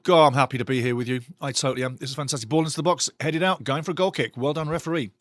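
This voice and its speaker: A man's voice: mid-range voice, racing, dry recording. A man hosting a live football watch-along, rambling and chatty as he talks straight to his viewers. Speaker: host.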